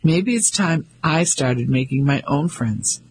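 A man with a raspy voice voicing a proud, indignant middle-aged English wife who speaks in clipped, cold tones. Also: on the high side, expressive, measured pace, heavily acted.

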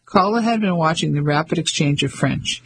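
A male audiobook narrator with a fairly high voice and steady, measured delivery. A faint hiss of noise sits under the reading. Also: rough recording.

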